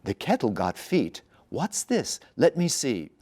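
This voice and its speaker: A man's voice: medium pitch, huge pitch swings, measured pace, dark tone, voice pushed up. A man voicing a fussy, drowsy old temple priest in a storybook reading. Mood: startled. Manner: doubting, scolding.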